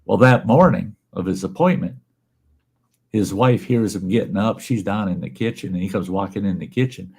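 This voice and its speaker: A man's voice: fairly low pitch, moderate pace, vocal fry, a little mellow, slightly rough. A man hosting a casual livestream, telling jokes in a rambling, chuckling way. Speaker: host.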